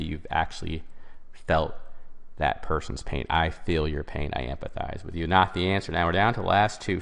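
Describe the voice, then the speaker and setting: Man, test-prep tutor, stresses key words, deep voice, close mic. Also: gravelly. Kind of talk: vocabulary lesson.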